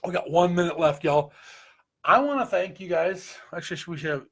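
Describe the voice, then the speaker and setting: A man's voice: high voice, animated, fairly quick, a bit bright. A man with a Midwestern American accent, co-hosting a casual chat on paranormal investigation and giving folksy, joking advice. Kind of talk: casual group chat on a show.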